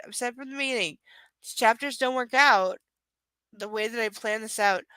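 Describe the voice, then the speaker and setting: A young woman hosts a live stream where she reads a book aloud, chatting in a tired, rambling, affectionate and self-deprecating way. Her fairly high voice is stuffy and nasal, sharp yet smooth, on a rough recording with no echo.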